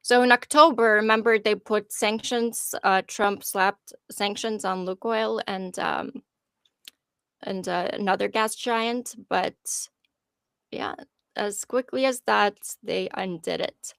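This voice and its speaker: A woman's voice: mid-range voice, steady tone, slow, gravelly, fairly bright tone, clean tone, no room sound. A woman in a casual political discussion, chiming in conversationally and recounting news. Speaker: podcast co-host.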